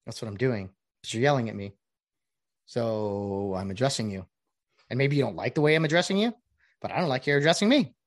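A man's voice: mid-range voice, animated, fairly quick, long pauses, no room sound. A man who works as a sports official, giving a casual, sarcastic opinion monologue and mimicking other people's voices.

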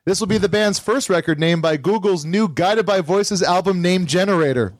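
A man's voice: high voice, no echo, soft background music. A male podcast host who hosts the show, jokes and leads segments in a playful way. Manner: playful, joking, quick to laugh. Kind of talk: casual comedic chat.

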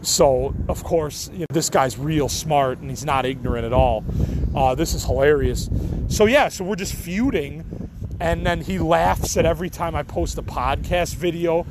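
A middle-aged man from the Chicago area rambles through a profane podcast monologue and shrugs things off. His voice sits a bit high for a man. Faint traffic hums in the background outdoors. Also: moderate pace. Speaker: podcast host.

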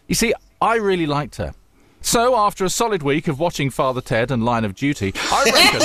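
A man hosting an advice podcast, reading out listener letters in a wry, brisk manner. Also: fairly high pitch, fairly bright tone.

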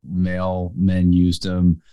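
A man's voice: sits low, completely flat delivery, takes it slowly, clean tone, muffled recording. A man from New Jersey, a guest on a podcast, talking about cars with enthusiasm and frequent restarts. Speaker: guest, magazine editor. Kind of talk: casual chat.

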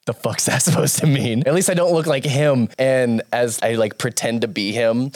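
A player in a tabletop game, goofy and quick to laugh. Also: mid-range voice, darkish tone, no room sound, clean studio sound.

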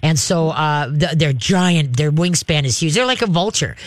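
Middle-aged male dog trainer, chatty and rambling, a touch high, dry. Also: expressive, normal speed, dry recording. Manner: chatty, rambling, many "you know"s. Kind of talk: call-in advice.

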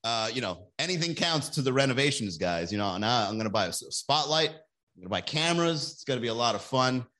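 A man's voice: mid-range voice, sing-song, a little fast, sharp tone. A man hosting a livestream, chatting casually with jokes and swearing. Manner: joking, profane, rambling. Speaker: livestream host.

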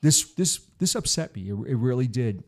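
A man's voice: mid-range voice, very animated, moderate pace, a little mellow. A middle-aged man, a retired police officer, telling stories in a casual chat, often stammering and repeating words. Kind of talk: casual storytelling.

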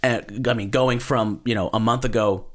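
A man's voice: mid-range voice, fairly even intonation, moderate pace. A man chatting casually about hosting a small comedy show, rambling and self-deprecating. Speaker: comedy show host, guest. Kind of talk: casual podcast chat.

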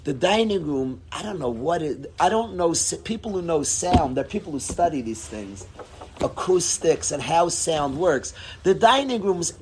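Man, Torah class lecture, casual teaching, high voice, faint noise behind. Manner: animated, expressive, swings between low and loud. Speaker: rabbi teaching students.

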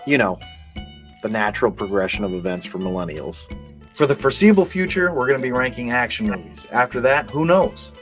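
A man's voice: medium pitch, expressive, brisk, a bit bright, soft background music. A man in his thirties hosting a casual podcast, rambling with frequent laughs and restarts. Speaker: podcast host.

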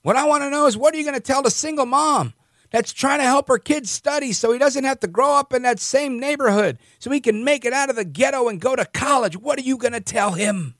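A man doing an impression of an elderly male politician, loud and indignant, pleading with a folksy ring. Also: very high voice, brisk, no room sound, clean studio sound, pitched above the performer's own voice.

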